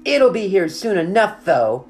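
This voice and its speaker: A woman voicing a bold, quick-witted young girl who speaks in a loud, high, spirited voice. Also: sing-song, faint music behind. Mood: pleading.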